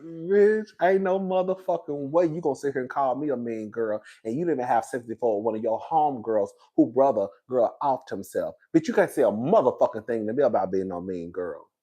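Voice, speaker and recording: Animated trash-talking reality TV commentator. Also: male voice, medium pitch, a little fast, few pauses. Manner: animated, swearing, says girl constantly, laughs. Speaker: host.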